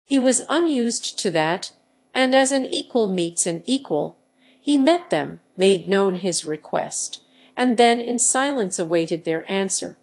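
Slow, even female audiobook narrator. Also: medium pitch. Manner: slow, even reading of a classic novel. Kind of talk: scripted narration.

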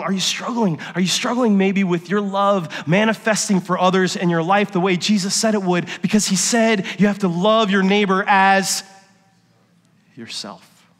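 Man preaching a confessional sermon in a reverberant church. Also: sits high. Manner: confessional storytelling, swings from quiet to emphatic. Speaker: worship pastor. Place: church sanctuary. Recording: long reverb of a church hall.

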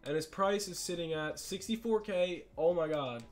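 A young man, casually commentating a video game with excitable, frustrated outbursts. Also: sits high, normal speed. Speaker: gaming YouTuber. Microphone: desk mic with face cam.

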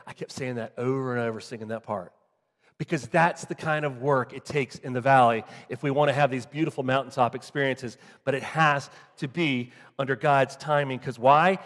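A male pastor preaching a sermon, swinging from loud emphatic peaks to quiet low asides. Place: church sanctuary. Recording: long hall reverb.

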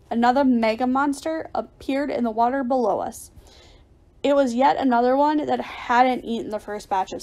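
A woman reading a children's adventure chapter aloud as storybook narration, lively and raising her voice for the shouted lines. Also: fairly high pitch. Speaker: audiobook reader.

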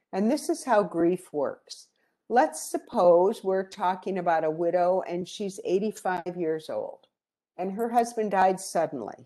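Slow, gentle woman presenting. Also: lowish voice. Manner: calm, gentle storytelling. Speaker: grief educator. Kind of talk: educational presentation.

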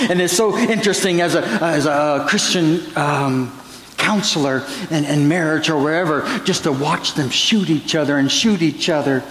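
Pastor preaching in a reverberant church. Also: male voice, on the high side, moderate pace, a bit bright. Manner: earnest preaching with prayer and counseling stories. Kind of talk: sermon. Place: church sanctuary. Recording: church hall reverb, faint room noise.

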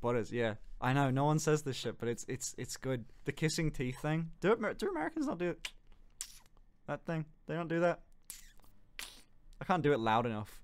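A young man with a Birmingham accent, hosting a casual stream chat, animated and quick to laugh and swear. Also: on the high side. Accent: Birmingham English. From England. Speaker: streamer host.

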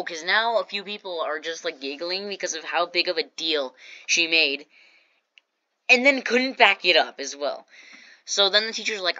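Chatty young storyteller woman, bright voice. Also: on the low side, measured pace, dry recording, highs cut off. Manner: chatty, jokey asides, acts out quoted lines. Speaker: storytime vlogger. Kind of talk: casual storytelling.

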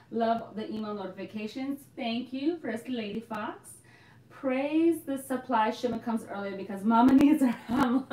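Bubbly young woman hosting a live chat, mid pitch, roomy sound from off the mic. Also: a little mellow, recorded from a distance. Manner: bubbly, laughs often, exclaims "oh my gosh". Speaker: host of a live Q&A for a hair care shop. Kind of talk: casual live-stream chat. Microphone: phone.

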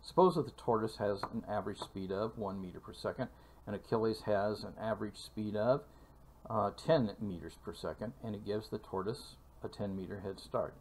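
A man teaching a calculus lecture for video, speaking in a measured way with frequent fillers and pauses. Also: lowish voice, darkish tone, slight background noise. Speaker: math lecturer.

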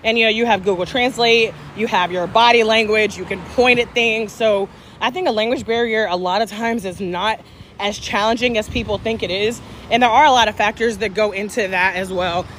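A woman's voice: mid-range voice, fairly even intonation, brisk, fairly bright tone. Woman, casual live chat on a phone, faint traffic noise outdoors. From Southern United States. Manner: chatty, joking, answers viewer comments. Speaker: travel vlogger. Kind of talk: casual livestream chat while walking. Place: city street outdoors with traffic. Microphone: phone held at arm's length.

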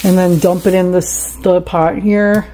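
A woman's voice: on the low side, fairly even intonation, a little slow, noisy background. A woman vlogger chatting in a rambling, self-talking way as she cooks in her home kitchen, recorded on a camera and phone on the counter. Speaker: cooking vlogger. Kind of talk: casual cook-along chat.

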